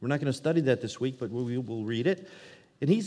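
A man preaching a sermon, earnest, reading scripture aloud and swinging between loud emphasis and hushed tones. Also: mid-range voice, lively intonation, fast talker, in a large hall. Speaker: pastor.

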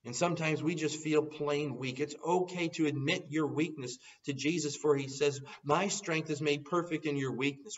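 A man's voice: on the high side, steady tone, normal speed, hardly any pauses. A man preaching a sermon, quoting scripture in an earnest voice and rising into urgent appeals. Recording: dull sound from some distance off.

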